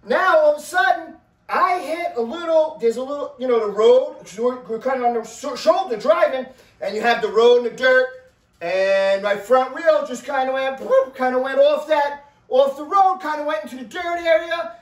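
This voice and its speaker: A man telling a story in a casual, animated way, with loud bursts and a habit of asking "right?". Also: extremely high pitch, normal speed. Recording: roomy, mic at a distance.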